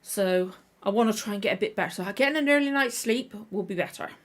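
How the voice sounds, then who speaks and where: A woman's voice: mid-range voice, quick pace. A tired woman with a slightly tender throat, hosting a casual livestream chat and rambling with frequent self-corrections. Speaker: reaction channel host.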